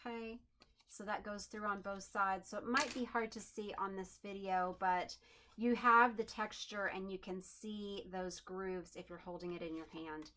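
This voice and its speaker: A woman's voice: medium pitch, fairly even intonation, moderate pace, bright, forceful tone. Woman, craft tutorial host, chatty, upbeat, home desk, faint background noise. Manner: chatty, upbeat, thinking aloud as she works.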